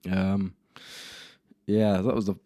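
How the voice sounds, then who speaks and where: A man's voice: low-pitched, flat delivery, slow pace, dark tone, no room sound. A young man hosting a solo podcast, telling embarrassing stories in a rambling, self-deprecating way with casual swearing. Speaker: podcast host. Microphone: camera mic in a room.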